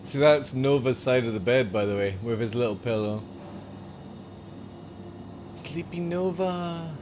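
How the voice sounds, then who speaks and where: A man's voice: medium pitch, brisk, background noise. A man streaming live from home, chatting casually with viewers and swearing now and then.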